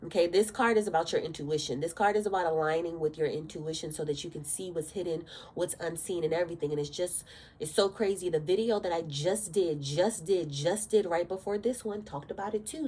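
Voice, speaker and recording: A woman's voice: fairly low pitch, brisk, darkish tone, a little hiss or hum. A woman giving a casual tarot reading, fiery and direct, cursing freely, bothered by allergies. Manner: blunt, fiery, cursing often. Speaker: tarot reader.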